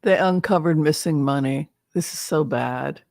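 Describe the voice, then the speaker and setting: A woman's voice: low voice, moderate pace, gravelly, darkish tone, no echo, clean studio sound. A woman tarot reader talking in a casual, rambling, playful way, often breaking into laughter.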